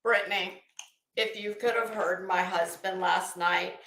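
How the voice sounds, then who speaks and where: A woman's voice: mid-range voice, fairly even intonation, measured pace, fairly bright tone, roomy sound. A woman hosting a casual live stream, greeting viewers by name and swearing freely. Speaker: livestream host.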